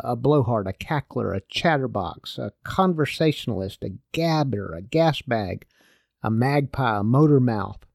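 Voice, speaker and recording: An older man giving a devotional talk, an expressive storyteller. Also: medium pitch, creaky, dry recording, clean studio sound. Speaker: speaker.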